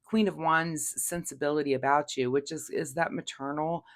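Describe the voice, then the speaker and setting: A woman's voice: low-pitched, fairly even intonation, moderate pace. A woman giving a casual weekly tarot reading, chatty, laughing often and talking through fillers and restarts. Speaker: tarot reader.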